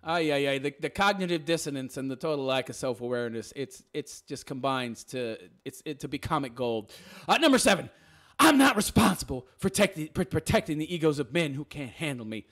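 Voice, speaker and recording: A man's voice: fairly high pitch, very animated, fairly quick, fairly bright tone. A man hosting a reaction commentary, reading and mocking a text in a sarcastic, crude, derisive way. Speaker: commentary channel host.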